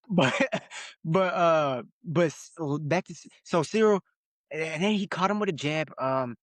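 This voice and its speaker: A man's voice: a little high, a little slow, dry recording. A young man co-hosting a casual podcast, talking loosely with slang and frequent laughs. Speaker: podcast co-host. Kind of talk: casual chat.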